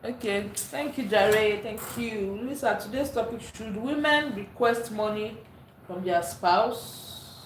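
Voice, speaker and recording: A woman's voice: medium pitch, takes it slowly, slight background noise. A tired woman from Nigeria hosting a casual live stream, greeting viewers by name and repeating herself as she talks. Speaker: livestream host. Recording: echoey room, faint ambience.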